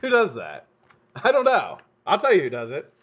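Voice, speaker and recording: A middle-aged man hosting a live stream, telling a profane, animated story while he works. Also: a little high, normal speed, husky. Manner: animated, profane, laughs at his own story. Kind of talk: casual storytelling while building coils. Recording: dull lo-fi stream audio.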